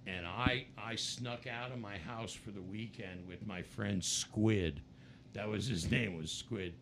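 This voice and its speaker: An American man, a rock musician, telling stories in a casual interview, animated and breaking into laughter and voices. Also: takes it slowly, creaky, a little hiss or hum. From United States. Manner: animated, jumps into high-pitched voices and laughs. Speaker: musician guest.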